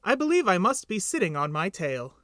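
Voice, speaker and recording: A man voicing a slow, gentle male bear in a storybook reading, soft and musing. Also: high-pitched, big pitch swings, no room sound, clean studio sound, full character voice.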